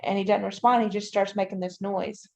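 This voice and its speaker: A woman tells her story to a podcast host in a low, crackling fry. She walks through each moment in detail, with lots of "you know" and "I'm like" along the way. The audio sounds dull and lo-fi. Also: steady tone, fairly quick, a little mellow. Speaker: podcast guest. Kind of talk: emotional personal account.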